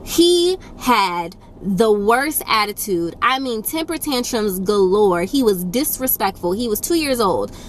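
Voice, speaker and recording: A woman's voice: medium pitch, lively intonation, measured pace, hardly any pauses, slight background noise. Blunt, sassy woman telling a story. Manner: blunt, firm and sassy, with emphatic repetition. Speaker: YouTube storyteller. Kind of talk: casual storytime.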